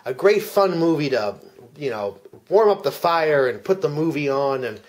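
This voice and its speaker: A man giving a deadpan parody commentary track, telling an absurd plot earnestly, with frequent restarts. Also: fairly high pitch, moderate pace. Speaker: comedic fake commentary speaker.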